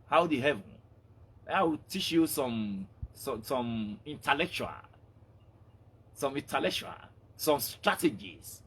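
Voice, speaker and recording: A man's voice: medium pitch, husky. A man teaching as a religious preacher, telling a story with acted-out dialogue and repeated words. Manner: animated retelling, repeating words, acting out dialogue. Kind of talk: storytelling sermon to online viewers.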